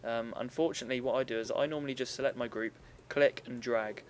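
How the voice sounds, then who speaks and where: Speaking quickly with a fairly level intonation, a young man offers casual commentary on a strategy game battle replay. His delivery is loose and chatty, broken up by frequent self-corrections, and his pitch stays in an everyday middle range. Under it all runs a faint ambient hum.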